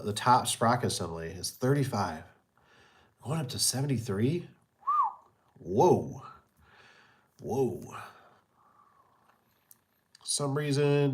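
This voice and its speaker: A middle-aged man who runs a garage door business, chatting casually in a rambling, folksy way with many fillers. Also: medium pitch. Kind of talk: casual chat.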